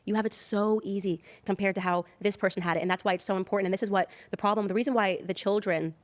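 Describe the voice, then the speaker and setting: A woman's voice: medium pitch, fairly even intonation, fast. A woman in her thirties, a podcast guest, speaking in an emphatic, preachy way and laughing often in casual conversation.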